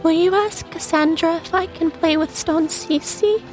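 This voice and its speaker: A woman's voice: very high voice, a little slow, darkish tone, faint music behind, voice pushed up. A woman putting on a creepy timid little boy. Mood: pleading. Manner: small, pleading and polite.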